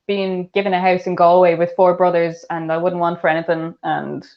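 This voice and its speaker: An Irish woman co-hosting a comedy podcast, telling animated stories and laughing often. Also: on the low side, fairly quick, muffled recording. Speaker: co-host. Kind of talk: casual comedy podcast chat.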